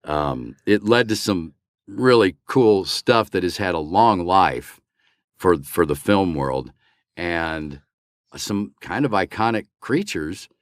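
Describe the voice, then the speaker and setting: A man's voice: deep voice, slow pace, no room sound, clean studio sound. An older man, a voice actor, telling an anecdote in a casual interview and acting out the lines he quotes. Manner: animated, acts out quoted dialogue. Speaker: voice actor guest.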